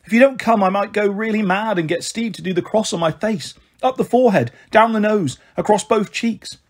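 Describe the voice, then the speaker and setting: A flamboyant, impulsive young mother, as a man puts her on while reading a storybook. She gushes and pleads in a raised, slightly husky voice, dramatic in every phrase. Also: high voice, brisk, voice pushed up. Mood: gushing, pleading.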